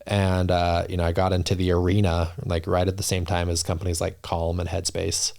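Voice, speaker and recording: A deep-voiced man with a gravelly edge to his voice. He speaks in an even, steady line as a podcast guest. He is earnest and reflective, and he often circles back and restarts his thoughts. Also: fairly quick. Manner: earnest, reflective, many restarts and "you know". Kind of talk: casual interview talk.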